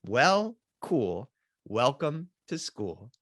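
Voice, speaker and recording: A man voicing a kindly female kindergarten teacher who gently calls a child honey. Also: mid-range voice, big pitch swings, very slow, no echo, clean studio sound, full character voice. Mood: gentle.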